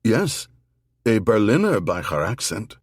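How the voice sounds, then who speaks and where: A man's voice: on the low side, very animated, measured pace, breathy edge, dry recording, studio quality, pitched above the performer's own voice, full character voice. A man voicing a polite, sympathetic German shopkeeper in an audiobook, hesitant and apologetic.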